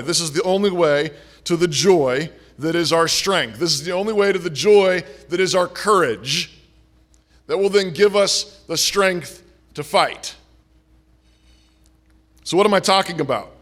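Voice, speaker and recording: A man preaching a sermon with earnest, repetitive phrasing, swinging between forceful and hushed. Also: a little high.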